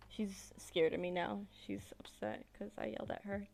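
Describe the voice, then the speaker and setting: A woman's voice: medium pitch, very animated, fairly quick, creaky, darkish tone. A woman streamer chatting casually while she crafts, rambling, profane and full of fillers.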